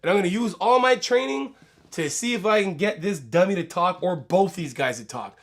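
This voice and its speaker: Brief: high-pitched male host, rambling casual commentary, tags lines with "right?". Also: lively intonation, moderate pace. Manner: rambling, keeps asking "right?". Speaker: host reacting to a video.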